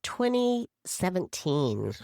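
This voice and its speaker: Low-voiced woman co-host, sick. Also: sing-song, slow, gravelly, mellow, no echo, clean studio sound. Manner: brief, agreeing replies. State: sick, under the weather. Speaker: podcast co-host. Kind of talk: casual podcast chat.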